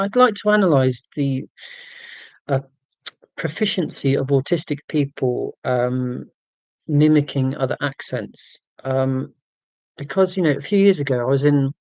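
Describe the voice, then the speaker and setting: A man's voice: on the high side, dry recording. A man, hosting a casual livestream and rambling self-deprecatingly through tangents. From United Kingdom. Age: 40s. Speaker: livestream host.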